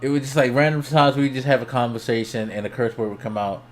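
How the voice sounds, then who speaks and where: A young adult man streaming, telling a story casually, swearing freely and laughing as he goes, his voice jumping up when he gets excited. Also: mid-range voice, fast. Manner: laughs between lines.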